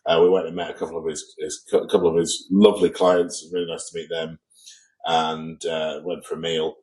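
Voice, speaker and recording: Speaking fairly quickly in a very deep, darkish, flat voice, an English podcast co-host recounts an anecdote in casual chat. He performs the quoted lines of the people involved, over poor-quality audio.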